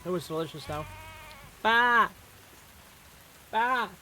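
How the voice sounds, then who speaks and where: A streamer chatting casually during a live game stream, self-deprecating and relaxed, with faint music behind. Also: mid-range voice, takes it slowly.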